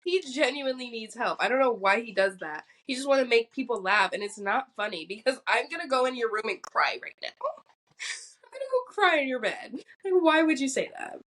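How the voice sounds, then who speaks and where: A young woman co-hosting a podcast, telling animated, profane stories in casual chat and mimicking other people's lines. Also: on the high side, fairly quick, hardly any pauses. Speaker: podcast co-host.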